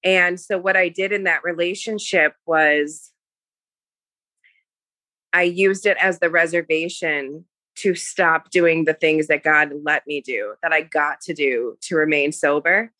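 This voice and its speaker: A woman's voice: deep voice, fairly even intonation, unhurried, sharp tone, no room sound. A woman in her thirties, a podcast guest telling her personal recovery story in an earnest, confessional way. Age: 30s.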